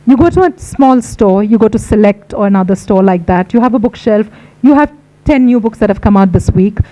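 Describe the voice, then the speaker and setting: Middle-aged Indian woman, book editor, public lecture, warm mellow tone, reflective conversational delivery. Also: medium pitch, animated, fairly quick, rough recording. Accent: Indian English.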